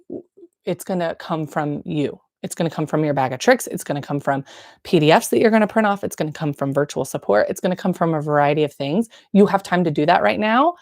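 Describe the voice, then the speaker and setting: A woman's voice: low-pitched, darkish tone, no room sound, studio quality. A woman who works as a birth nurse, giving frank, slangy, encouraging advice straight to camera. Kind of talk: casual direct-to-camera advice.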